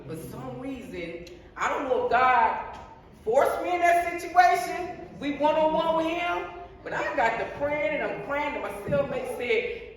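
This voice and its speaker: A woman's voice: high voice, unhurried. Middle-aged woman telling her life story, earnest and repetitive, heard from a distance in a reverberant hall. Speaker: guest sharing life story. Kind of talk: personal testimony. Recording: echoey hall, distant mic, faint noise.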